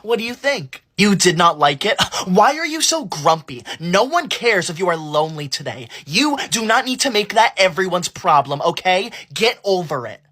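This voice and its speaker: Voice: mid-range voice, very animated, normal speed, few pauses, pushed and bright. A performer playing a prissy, self-righteous schoolkid who is always telling on classmates. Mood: indignant. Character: smug tattletale know-it-all schoolkid, teacher's pet. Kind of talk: comedy skit acting.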